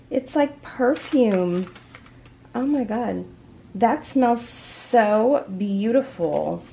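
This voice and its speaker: A woman vlogging an unboxing at home in a casual chat, gushing and excited, with many fillers and restarts. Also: fairly high pitch, drawn-out words, gravelly, a little hiss or hum. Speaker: crochet vlogger.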